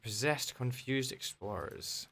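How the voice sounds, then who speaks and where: A man's voice: mid-range voice, slow, a bit bright, breathy edge. A man with an English accent, a game streamer in casual chat with his viewers, joking and answering their questions. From England.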